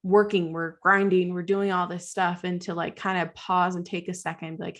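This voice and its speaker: A woman co-hosting a podcast in casual chat, a school counselor who talks quickly in loose sentences full of "like" and laughs often. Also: lowish voice, flat delivery, a bit bright. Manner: chatty, peppered with "like", laughs often.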